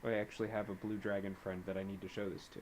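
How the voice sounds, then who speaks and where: A man's voice: sits low, little pitch movement, racing, a little hiss or hum. A man appearing as a guest on a livestream, chatting casually and laughing easily. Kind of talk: casual conversation.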